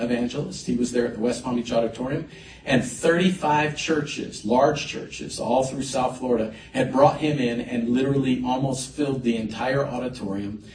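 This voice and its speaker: A male pastor preaches to his congregation, animated in his storytelling. His voice comes from some distance off in a roomy, echoing hall with a faint hum of ambience behind. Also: mid-range voice. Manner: animated storyteller, lively swings in loudness. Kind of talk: sermon storytelling. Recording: echoey hall mic from a distance.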